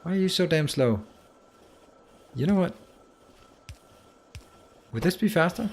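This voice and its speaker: A man's voice: a little high, expressive, measured pace. Danish-accented man, game streamer, mumbling under his breath, frustrated bursts. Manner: muttering to himself, exasperated outbursts. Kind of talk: live gameplay commentary.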